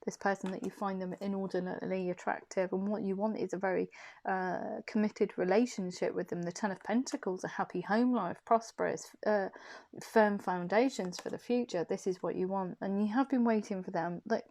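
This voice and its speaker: A woman's voice: mid-range voice, fairly even intonation, moderate pace, a little mellow. A woman from Warwickshire with an English accent, giving a casual tarot reading from her room in a chatty, rambling way with frequent laughs. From Warwickshire, England. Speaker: tarot reader.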